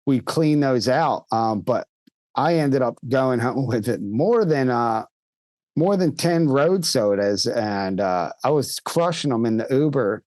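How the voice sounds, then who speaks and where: A hungover man co-hosting a podcast, talking in halting casual chat and stumbling over his words. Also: mid-range voice, expressive, a little mellow, no echo. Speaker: podcast co-host.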